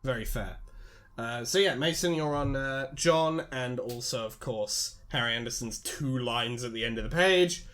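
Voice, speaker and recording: A man's voice: medium pitch, normal speed. A young man hosting a casual podcast, chatting and reading narration aloud. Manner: relaxed, swears casually.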